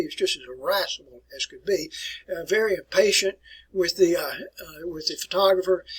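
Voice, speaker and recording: A man's voice: high voice, breathy edge, poor audio. A man teaching a recorded history lecture, folksy and rambling, with many fillers and asides to his students. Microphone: document camera with built-in mic.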